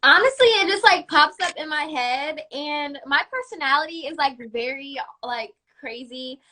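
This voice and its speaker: A woman's voice: high-pitched, moderate pace, pushed and bright. A young woman guest in a casual interview, upbeat and saying "like" often as she talks. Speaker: guest YouTuber.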